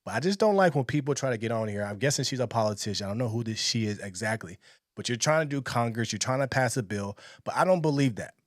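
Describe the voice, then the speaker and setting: A man's voice: medium pitch, fast talker, dry recording, studio quality. A man giving blunt, emphatic commentary in reaction to a video clip. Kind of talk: casual opinion commentary.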